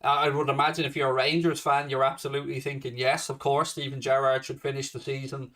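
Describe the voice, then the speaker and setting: A man's voice: medium pitch, little pitch movement, quick pace, a bit bright, far from the mic. A man hosting a casual fan livestream, swearing heavily and ranting confrontationally at a viewer. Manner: swears a lot, confrontational rant at a commenter. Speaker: livestream host.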